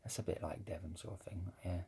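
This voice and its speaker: Brief: dark-toned, gravelly man, candid and unpolished, chatting off the cuff. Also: low voice, steady tone, fast. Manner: rambling, with many restarts and swearing. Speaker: ex-Jehovah's Witness vlogger. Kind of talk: casual rambling monologue.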